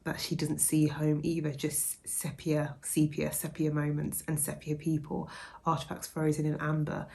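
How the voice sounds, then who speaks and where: A young woman talking casually in a reading vlog, soft-spoken and musing, with a hushed way of speaking. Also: low-pitched, creaky. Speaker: book vlogger.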